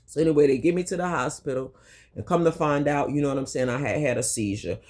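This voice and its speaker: A woman's voice: sits low, fast, a little mellow. Candid woman telling a storytime. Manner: candid, emphatic, swears freely; addresses viewers directly, repeats herself for emphasis. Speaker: vlogger. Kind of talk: storytime monologue to camera.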